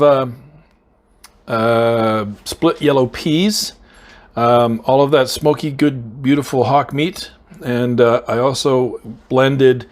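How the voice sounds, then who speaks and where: A man hosting a casual cooking vlog, chatty and rambling with lots of fillers. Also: medium pitch. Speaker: cooking channel host. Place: outdoors at a barbecue.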